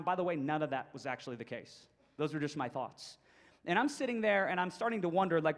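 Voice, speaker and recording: A man's voice: on the high side, fairly quick, in a large hall. A man giving a motivational keynote to coaches, telling a personal story and acting out his own thoughts. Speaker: speaker at a coaches' conference.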